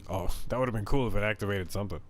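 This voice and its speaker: A man streaming a video game, chatting excitedly and casually while reading chat messages aloud. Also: fairly low pitch, very fast, heavy background noise. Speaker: gaming streamer. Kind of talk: casual let's-play commentary. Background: game music.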